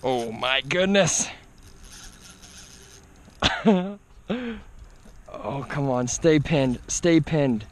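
A man's voice: mid-range voice, expressive, drawn-out words, long pauses, slight background noise. A young man filming himself as he fishes from a boat on a lake, talking through each catch and chatting to his dog. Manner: talks to his dog while fighting fish. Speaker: fishing vlogger. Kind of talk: excited outdoor fishing commentary. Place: fishing boat on a lake, outdoors.

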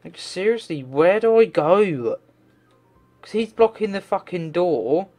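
A man's voice: sits high, lively intonation, unhurried, darkish tone, soft background music. A man doing game commentary, talking to himself and swearing in frustration as he plays. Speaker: let's play gamer.

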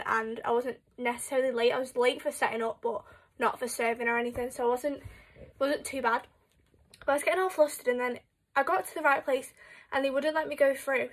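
A woman's voice: high voice, fairly bright tone. A teenage girl from the UK chatting casually to camera at home, telling a rambling story full of "like". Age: teens. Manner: rambling, filler-heavy storytelling with lots of "like". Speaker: vlogger.

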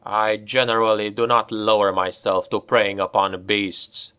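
A man's voice: fairly low pitch, completely flat delivery, unhurried, pushed and bright, clean tone. A man playing a furious vampire knight in an audiobook, who hisses his words. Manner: hissing.

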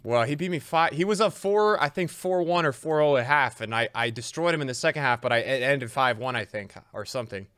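A young adult man giving live commentary over his own video game matches, excitable, jumping from loud yelps to low muttering. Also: fairly quick, hardly any pauses, smooth, no room sound. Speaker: gaming video creator.

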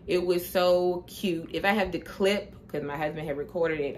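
A young woman vlogger chatting casually to camera in an expressive, slangy, animated way. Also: on the low side, slight background noise.

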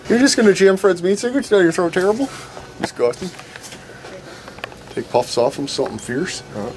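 A man talks in rowdy, foul-mouthed banter, teasing the people around him and breaking into laughter. His pitch swings widely from line to line. The recording is outdoor phone video with clear background noise. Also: big pitch swings, a little fast. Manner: swears constantly, teasing, laughs a lot. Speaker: vlogger. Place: outdoors by a store.

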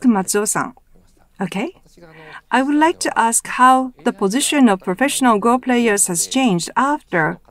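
A woman interpreting a roundtable discussion into English as a voice-over, speaking in a measured, even way with the odd restart. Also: mid-range voice.

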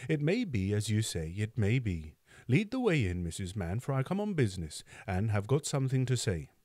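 A pompous, self-important parish beadle holds forth in a stern, oratorical manner, as a man reading aloud plays him. His tone is dark and mellow, and his delivery rises and falls with lively swings. The sound is close and dry. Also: mid-range voice, normal speed, no room sound, voice pushed up.

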